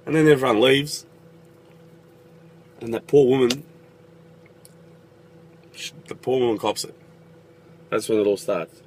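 A man's voice: medium pitch, a little slow, long pauses, a little hiss or hum. A young man with an Australian accent, telling sarcastic, sweary comedic stories in a vlog.

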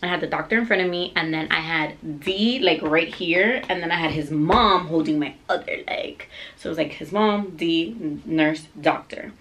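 A young adult woman vlogger telling a story in a candid, animated, casual way, cursing freely. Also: sits low, moderate pace, few pauses.

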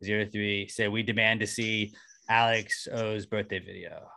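Rambling bright-voiced young podcast host. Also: male voice, fairly low pitch, level tone, unhurried, creaky, a little hiss or hum. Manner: loose, rambling, jokey delivery with frequent fillers. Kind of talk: casual podcast banter.

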